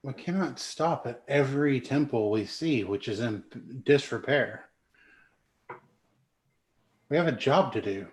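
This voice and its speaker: An impatient young ninja woman, as a man puts her on snaps out short, curt orders in a tabletop game. The voice sits at a middling pitch. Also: lively intonation, measured pace, long pauses, reverberant, lightly acted. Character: brusque young female ninja warrior.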